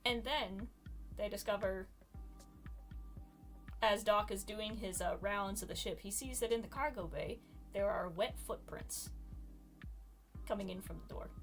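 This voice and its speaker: A woman casually retelling a story with animated, giggly energy. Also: mid-range voice, measured pace, pauses often, soft background music. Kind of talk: casual storytelling while gaming.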